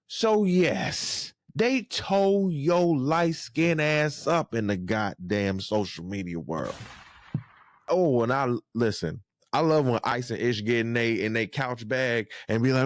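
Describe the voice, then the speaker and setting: Animated man with a lively, swooping voice. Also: slow, no echo, clean studio sound. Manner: animated, profane, rising to high exclaims. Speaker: podcast commentator. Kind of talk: casual commentary.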